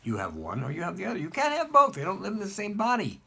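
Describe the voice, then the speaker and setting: A male rabbi teaching a congregation with a husky, slightly breathy voice. His pitch swings up and down as he drives each point home, and he repeats phrases for emphasis. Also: huge pitch swings, fast talker, pushed and bright. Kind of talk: spoken lesson.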